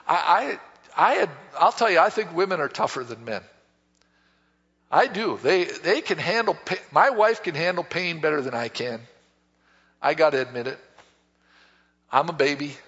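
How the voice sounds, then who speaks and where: A man preaching a sermon, folksy and animated, acting out bits of dialogue as he tells stories. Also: on the high side, moderate pace, pauses often, husky. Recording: dull echoey hall from a distance.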